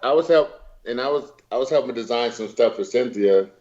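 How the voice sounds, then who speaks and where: A man, a retired bodybuilder and interview guest, speaking in a halting, reflective way over a video call. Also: medium pitch, a little mellow. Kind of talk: casual interview chat. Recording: dull lo-fi call audio.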